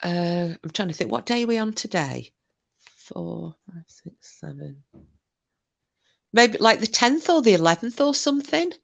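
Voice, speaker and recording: A woman's voice: medium pitch, lively intonation, a little slow, creaky, long pauses. A Scottish woman hosting a casual livestream, reading viewers' comments aloud and chatting back in a teasing, chatty way with mild swearing. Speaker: livestream host.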